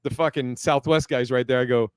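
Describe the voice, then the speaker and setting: Brief: male podcast host, casual chat, profane and animated, dry close sound. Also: mid-range voice, a little fast, smooth, dry recording.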